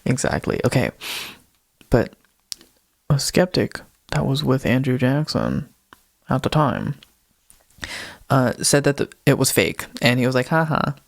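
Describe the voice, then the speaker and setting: A man's voice: mid-range voice, animated, a little slow, creaky, long pauses. A man co-hosting a casual podcast, retelling a ghost video in a rambling way, often stopping to correct himself and giggling. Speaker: podcast co-host.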